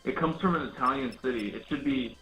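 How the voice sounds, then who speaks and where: A man's voice: medium pitch, fast talker, fairly bright tone, faint music behind. A man in casual gaming chat, playful and laughing, swearing freely. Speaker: let's play co-host. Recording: echoey room.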